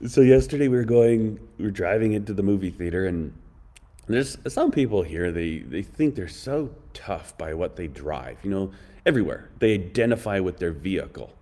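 Casual male host, low and mellow, rambles through opinionated anecdotes. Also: expressive, moderate pace. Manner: rambling, blunt, opinionated, fond of mocking impressions. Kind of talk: casual storytelling chat.

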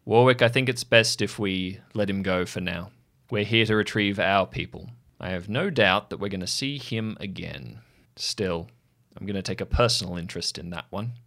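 A man voicing a composed woman swordfighter who speaks in a measured, quietly commanding way. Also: sits low, gravelly. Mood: steady.

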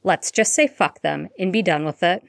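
A woman reading a story aloud and voicing a gentle former teacher who speaks in a calm, measured way. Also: fairly low pitch, dry recording, clean studio sound, close to an everyday voice.

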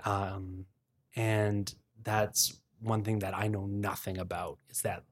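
A man's voice: lowish voice, flat delivery, slow pace. A man in his forties, a film industry worker chatting as a podcast guest, rambling and thinking aloud with many restarts. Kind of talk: casual interview chat.

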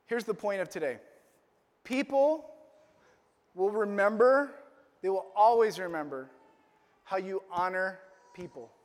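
A man's voice: high voice, expressive, unhurried, pauses often. A man preaching a sermon as a pastor, telling the story playfully with joking asides. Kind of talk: Father's Day sermon. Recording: long reverb of a large hall.

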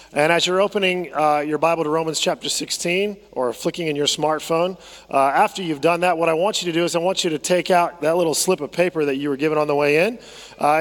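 A man's voice: on the high side, in a large hall. A man preaching a sermon as pastor, conversational, often repeating phrases and asking the congregation to respond. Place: church sanctuary.

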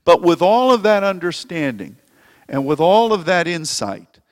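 A man's voice: high-pitched, sing-song, a little slow, no room sound, clean studio sound, long reverb tail. A man preaching a sermon as pastor, rambling and anecdotal, often restarting his phrases. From Springfield, Missouri.

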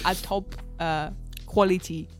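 A woman voicing a doomed female frog in a French kitchen, with a put-on French accent and a halting delivery full of filler sounds. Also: lowish voice, fairly even intonation, soft background music, pitched below the performer's own voice. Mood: resigned.

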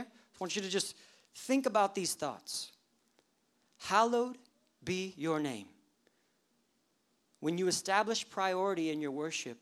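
Animated male pastor in his thirties. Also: high-pitched. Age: 30s. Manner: animated storytelling, acting out worshippers' inner thoughts with humor. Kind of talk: sermon.

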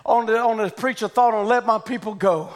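A man preaching a revival sermon, fervent and shouting out hallelujahs as he prays over the congregation. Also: high-pitched, fairly even intonation, fairly quick. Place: church building with congregation.

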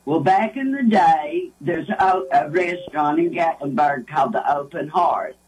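A woman's voice: deep voice, lively intonation, measured pace, darkish tone, rough recording. An older woman, a guest telling rambling, folksy stories in casual talk. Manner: rambling, folksy, lots of restarts. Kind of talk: casual storytelling.

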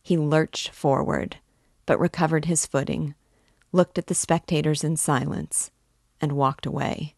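A woman narrates a classic novel slowly and deliberately, with a gravelly texture. The recording is close and dry, with no room sound. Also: sits low, fairly even intonation, darkish tone, no echo. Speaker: book reading guide. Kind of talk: audiobook-style literary reading.

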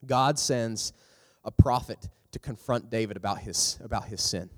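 Animated man preaching in a reverberant hall. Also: moderate pace. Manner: animated, acts out characters with big pitch jumps. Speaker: youth pastor. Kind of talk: youth sermon.

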